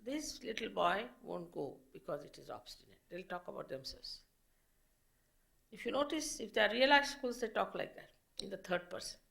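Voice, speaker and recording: A woman teacher delivers a public spiritual lecture at an unhurried pace. Her voice has a gravelly, creaky edge and sits at an ordinary middle pitch. She explains in measured phrases, pausing between points. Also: animated, fairly bright tone. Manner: slow, measured explaining with pauses.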